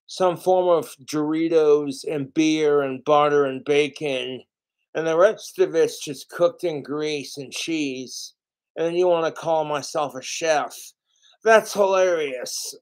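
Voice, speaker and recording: Profane rambling man on a livestream. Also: on the high side. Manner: profane, self-pitying, meandering with restarts. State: drinking alcohol. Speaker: YouTuber livestreaming cooking videos.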